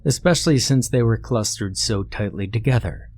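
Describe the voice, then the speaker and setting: A man reading a horror story aloud as scripted narration, steady and measured. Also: mid-range voice, no echo.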